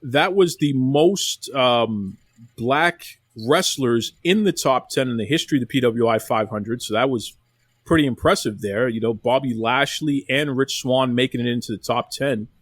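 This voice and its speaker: A man's voice: mid-range voice, moderate pace, no echo. A man hosting a casual wrestling podcast, talking with enthusiasm and often repeating phrases. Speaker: podcast host.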